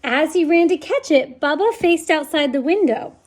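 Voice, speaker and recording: A storytime reader with a high voice reads a children's picture book aloud at a moderate pace, her pitch leaping up and down. She hams up the story with sound effects and an animated delivery.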